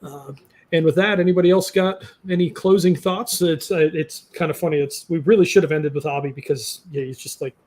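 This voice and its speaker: A man's voice: fairly high pitch, steady tone, a little fast, darkish tone. A man hosting a podcast, chatting loosely and upbeat with lots of fillers. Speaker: podcast host. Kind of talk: casual podcast chat.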